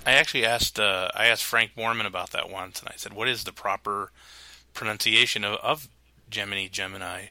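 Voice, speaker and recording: A man with a very bright, sharp-edged voice, recorded close and dry with no room sound. He tells stories in a light tone and breaks into laughter easily. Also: on the low side, brisk, dry recording. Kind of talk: casual chat.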